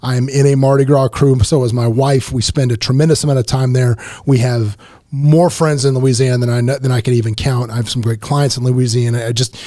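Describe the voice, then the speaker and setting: A middle-aged man hosting a casual podcast, animated and emphatic, often repeating himself. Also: medium pitch, a little fast, no echo, clean studio sound. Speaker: podcast host. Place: podcast studio.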